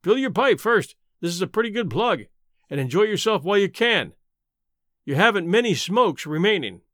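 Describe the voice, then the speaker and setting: A man's voice: high-pitched, big pitch swings, normal speed, fairly bright tone, no room sound, studio quality. A man doing a cocky drawling prospector. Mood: nonchalant. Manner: nonchalant drawl.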